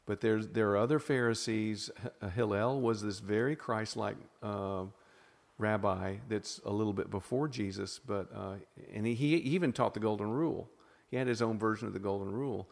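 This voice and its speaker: A podcast guest with a Southern US accent explains ideas thoughtfully in a casual teaching conversation, often interrupting himself and restarting sentences. His voice is fairly low and creaky, at a moderate pace, with a long reverb tail.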